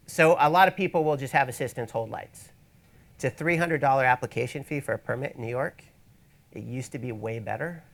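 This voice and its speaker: Male workshop presenter, gravelly mid-range voice, relaxed teaching tone with wry rambling asides. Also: medium pitch. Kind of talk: casual instructional talk. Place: event space, in front of an audience.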